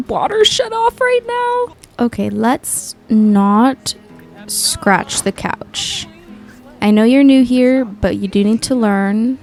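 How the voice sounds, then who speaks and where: A woman's voice: fairly high pitch, a little mellow. A woman giving chatty, gushing commentary while playing a life-sim game, often exclaiming over what she sees. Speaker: gaming YouTuber. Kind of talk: casual gameplay commentary.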